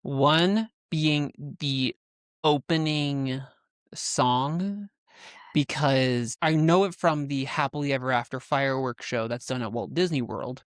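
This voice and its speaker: A woman with a very deep voice co-hosting a podcast. She talks in a relaxed, hesitant way and sometimes trails off. The sound is dry and close to the mic. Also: slow, no room sound. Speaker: podcast co-host. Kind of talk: casual chat.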